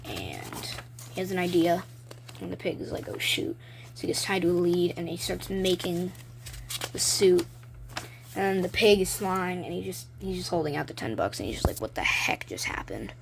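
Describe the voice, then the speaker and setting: A woman's voice: lowish voice, expressive, moderate pace, gravelly, background noise. A woman vlogging casually and rambling, with many ums and likes, as she shows her own drawings. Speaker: video maker. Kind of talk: casual show-and-tell vlog.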